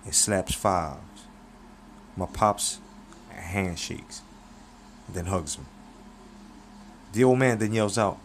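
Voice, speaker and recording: Gravelly low-voiced man telling a story. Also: slow pace, long pauses, a little hiss or hum. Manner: loose, profane storytelling. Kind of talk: profane casual story narration.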